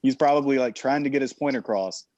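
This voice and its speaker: A man co-hosting a casual podcast, talking in an animated, opinionated way and often saying "man". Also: medium pitch, quick pace, dry recording, lo-fi sound. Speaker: podcast co-host. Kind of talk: casual chat.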